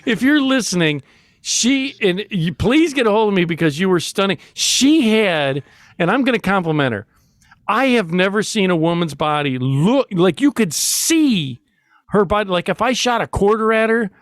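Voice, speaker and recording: High-voiced man telling a rambling story. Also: expressive, moderate pace, dry recording. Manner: rambling, laughs often, self-deprecating. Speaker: podcast host. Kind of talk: casual comedic storytelling.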